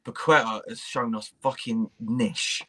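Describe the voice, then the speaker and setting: Sweary lad ranting about football. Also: male voice, medium pitch, fairly even intonation, unhurried, fairly bright tone. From England. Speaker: podcast co-host. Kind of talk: casual football chat.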